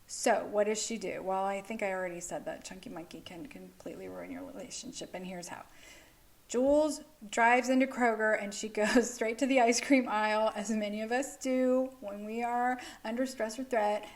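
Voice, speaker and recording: A fairly high-voiced woman tells a story to the camera in a relaxed vlog style, animated and blunt. She swears freely and keeps checking in with her listener as she explains. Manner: animated, frank, swears freely, peppers speech with "like" and "okay?".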